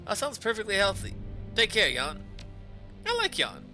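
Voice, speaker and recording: A man's voice: sits high, wildly swooping pitch, a little slow, long pauses, bright, forceful tone. A male streamer reading a video game's text aloud and chatting casually, with chuckled asides and slight stumbles. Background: faint background music.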